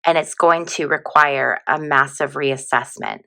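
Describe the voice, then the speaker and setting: Her voice is low, unhurried, creaky, and sharp as this woman delivers a chatty tarot reading on video. She giggles a lot and leans heavily on fillers such as "like" and "you know".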